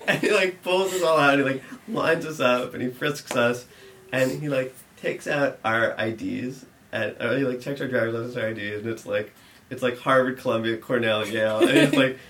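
A man's voice: mid-range voice, animated, moderate pace, a bit bright, slight background noise. A young man telling a long funny story, rambling with many restarts and laughing at his own lines. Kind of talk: live storytelling.

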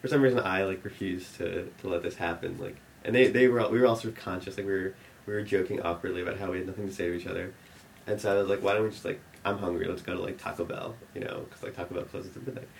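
A man's voice: deep voice, fast talker, vocal fry, a little hiss or hum. Young man rambling through a story. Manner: rambling, filler-heavy, gets animated and laughing as the story builds. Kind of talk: storytelling to an audience.

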